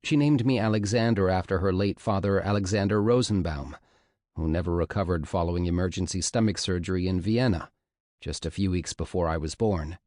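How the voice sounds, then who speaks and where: A man narrating a first-person memoir audiobook in a measured, scripted storytelling manner. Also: sits low, darkish tone, no room sound, studio quality.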